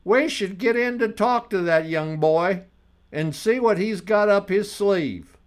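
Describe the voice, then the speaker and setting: A man putting on the voice of a folksy older Southern man with a Southern accent, chatting with his wife in a slow drawl. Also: high-pitched, voice pushed up. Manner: slow drawling country talk.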